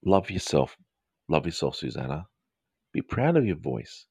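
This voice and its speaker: A man's voice: a bass voice, very animated, unhurried, gravelly, darkish tone, husky, no room sound. A man hosting a live counselling chat, rambling and playful, with frequent restarts and jokes. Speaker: counselling host of a live audio show.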